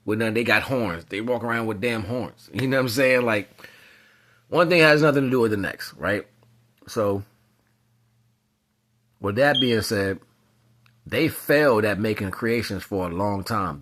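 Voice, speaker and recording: A man giving a casual spiritual monologue, talking in loose slang and rambling off into animated storytelling. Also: fairly low pitch, a little slow, long pauses. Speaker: spiritual commentator.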